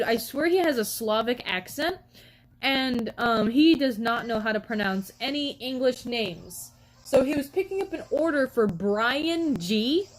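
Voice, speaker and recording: A woman's voice: high-pitched, low-quality recording. A woman streamer chatting casually with her viewers, laughing often and answering chat.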